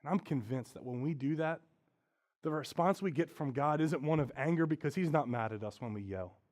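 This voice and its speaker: A man with a high, light voice preaches a sermon as a pastor. He talks earnestly and candidly, dropping to a hush and then rising loud and animated. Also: a little fast.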